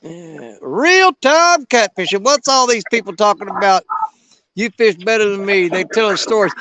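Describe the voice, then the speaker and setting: A man's voice: high voice, expressive, normal speed, sharp tone, no room sound. A man hosting a casual livestream, greeting viewers by name in a folksy, drawling way. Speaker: livestream host. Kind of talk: casual livestream chat reading viewer comments.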